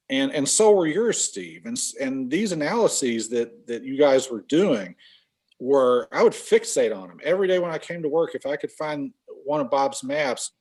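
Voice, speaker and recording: A man recalling a former colleague in a casual podcast chat, earnest and halting, with frequent restarts. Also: mid-range voice, breathy edge.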